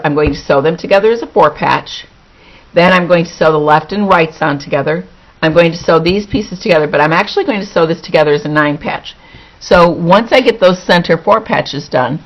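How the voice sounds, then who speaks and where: A woman teaching a quilting lesson, talking through each step as she works and repeating words for emphasis. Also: low-pitched. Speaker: quilting instructor. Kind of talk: hands-on sewing demonstration. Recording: dull lo-fi recording.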